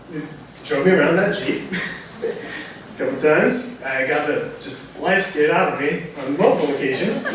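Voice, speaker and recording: Joking young man in a very echoey room. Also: fairly high pitch. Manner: joking, self-mocking storytelling. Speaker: friend. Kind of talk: casual spoken tribute. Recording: very echoey, distant mic, background noise.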